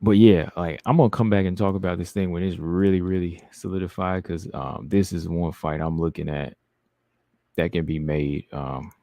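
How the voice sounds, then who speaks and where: A man's voice: deep voice, steady tone, normal speed, dark tone, no echo. A man hosting a casual livestream, reading viewer comments aloud and answering them in a laid-back way. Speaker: livestream host reading chat.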